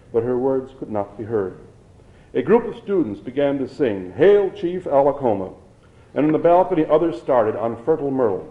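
A man reads an audiobook in a steady, measured manner, his voice at an ordinary middle pitch, in a dull, lo-fi recording.

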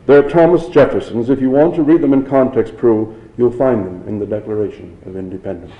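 A man's voice: medium pitch, brisk, roomy sound, highs cut off, close to an everyday voice. A man doing an indignant male dean.

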